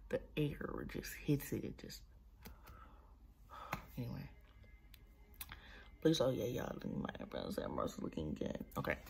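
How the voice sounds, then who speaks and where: Gravelly young woman with a sore mouth. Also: a bass voice, wildly swooping pitch, normal speed, darkish tone. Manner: talks through sore mouth, drops to whispers and laughs. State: sore mouth from new braces. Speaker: vlogger. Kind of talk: casual vlog chat to camera.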